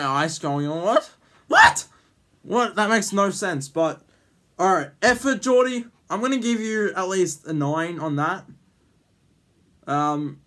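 A man's voice: high voice, sharp tone. A man hosting a casual vlog, rambling with lots of ums and jokey teasing. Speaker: YouTube host.

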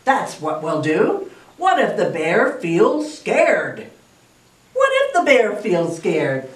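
A woman's voice: medium pitch, wildly swooping pitch, slow pace. A worried little wren, voiced by a woman reading a picture book urges his friends to go and search for a lost friend. The voice is earnest, close to a plain reading voice. It sounds far from the mic in a roomy space.

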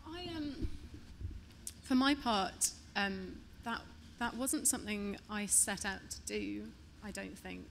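A woman's voice: medium pitch, slow pace, gravelly, a little hiss or hum. A woman poet answering a panel question off the cuff, hesitant and searching for words, with frequent restarts. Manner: hesitant, many restarts and fillers.

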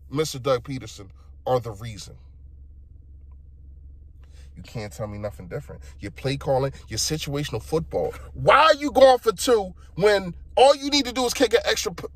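A man's voice: medium pitch, fairly bright tone. A young man delivers a frustrated sports opinion rant and talks straight to his listeners. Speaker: sports fan vlogger.

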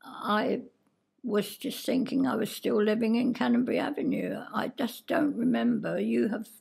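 An older woman reminiscing haltingly about her childhood with her daughter over a cup of tea. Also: a little high, fairly even intonation, darkish tone. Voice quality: gravelly, husky. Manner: hesitant reminiscing. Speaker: host's mother. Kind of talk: casual reminiscing.

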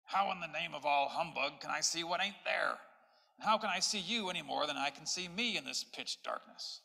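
A man's voice: on the high side, a little fast, gravelly, long reverb tail, voice pushed up, exaggerated voice, rough recording. A man voicing a surly, scornful male dwarf in a read-aloud story. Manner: scornful, shouting.

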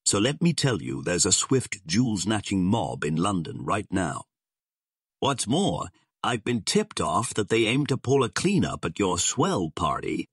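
A man's voice: on the low side, big pitch swings, unhurried, breathy edge, no echo, studio quality, pitched above the performer's own voice, heavily acted. A man voicing a sardonic male gangster boss who drawls his threats in slang. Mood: menacing.

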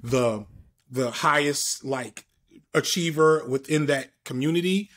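Halting young man, fairly high voice. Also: a bit bright. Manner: halting, many fillers and restarts, blunt. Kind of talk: casual panel discussion.

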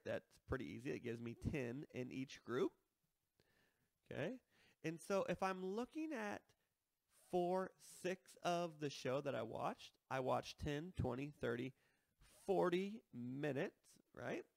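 A man's voice: on the high side, lively intonation, a little slow, gravelly, no room sound. A man teaching a math lesson, explaining step by step and checking in with listeners as he works through problems.

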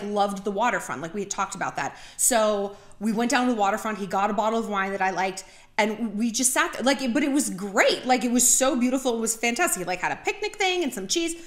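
A woman vlogger giving casual dating advice in a chatty monologue, full of "like" and quick asides. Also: on the high side. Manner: talkative, heavy use of "like", animated asides. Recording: roomy echo.

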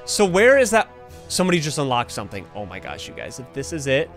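A man's voice: a little high, very animated, quick pace, fairly bright tone, soft background music. A young man hosting his gaming channel, giving jumpy, panicky commentary full of gasps and yelps as he plays. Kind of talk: excited gameplay commentary.

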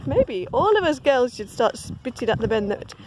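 A woman vlogging outdoors on a farm, chatty and excitable, cooing at the animals as she films on her phone. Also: on the high side, moderate pace, a little hiss or hum, low-quality recording. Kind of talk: casual vlog narration. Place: outdoor alpaca farm field.

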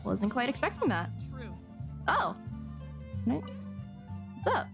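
A woman's voice: a little high, huge pitch swings, slow pace, vocal fry. A woman streamer giving casual, chatty commentary as she plays, talking to herself and giggling often. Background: game music.

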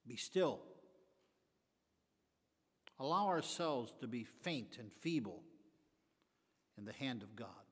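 An older man, the pastor, teaching a Bible study in a folksy preaching style, rising to emphatic bursts and then dropping to quiet asides. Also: medium pitch, lively intonation, slow pace, pauses often, slightly rough. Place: church sanctuary. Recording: long echoey hall reverb.

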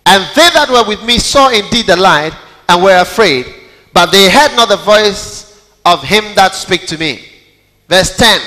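Male pastor, sermon, high voice, bright forceful tone, dramatic hushed-to-loud delivery, long church hall reverb. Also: expressive, moderate pace. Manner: dramatic, swinging from hushed to loud, acting out quotes. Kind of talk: sermon with scripture reading.

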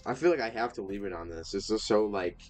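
Low-voiced man reacting to a game. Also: quick pace, faint music behind. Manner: talks to game characters, frequent startled exclamations. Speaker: gaming video host. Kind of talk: let's play commentary.

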